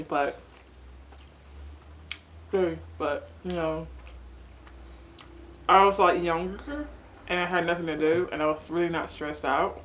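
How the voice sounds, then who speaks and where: A woman's voice: lowish voice, steady tone, slow, pauses often, a bit bright, slight background noise. A young woman in a casual, rambling chat while she eats, using "like" a lot. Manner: chatty, rambling, lots of "like". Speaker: mukbang vlogger.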